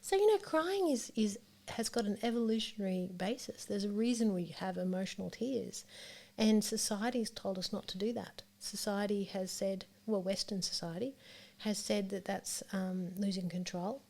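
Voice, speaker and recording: Australian woman therapist, mid-pitched, explains things easily and laughs often. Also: moderate pace, gravelly, hardly any pauses, darkish tone. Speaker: therapist and author. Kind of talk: casual interview chat.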